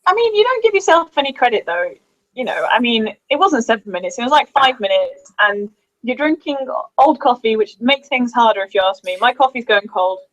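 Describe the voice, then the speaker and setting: A chatty British woman with a fairly high voice talks over a webcam video call. She laughs often, and her pitch jumps around as she chats on a casual live stream. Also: low-quality recording. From England. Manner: chatty, quick to laugh, lively swings in pitch. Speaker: co-host.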